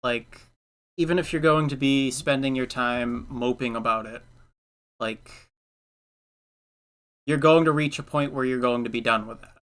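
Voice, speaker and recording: A man's voice: medium pitch, a little slow, long pauses, fairly bright tone, clean tone. A young man hosting a casual podcast chat, giving earnest advice with lots of filler words. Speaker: podcast host.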